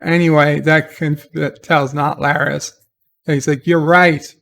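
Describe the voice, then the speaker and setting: A man with a slightly high voice talks slowly through a TV episode he is reviewing. He rambles and hesitates, filling gaps with "uh" and "he's like". His asides turn sarcastic and exasperated. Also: level tone, vocal fry, fairly bright tone. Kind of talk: casual spoken episode recap.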